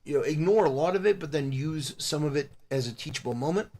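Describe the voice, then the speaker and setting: Preachy, halting man lecturing. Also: a little high, expressive, a little mellow. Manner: moralizing, halting with many fillers. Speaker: content creator. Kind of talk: preachy live-stream monologue.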